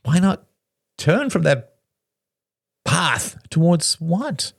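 A man's voice: a little high, very animated, very slow, vocal fry, husky, no echo, studio quality, pitched above the performer's own voice, exaggerated voice. A man voicing an agitated young man who presses his brother insistently.

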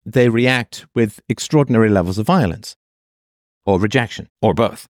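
A man's voice: fairly low pitch, moderate pace, dry recording, clean studio sound. A man hosting a call-in advice show, talking in an impassioned way and stacking emphatic lists.

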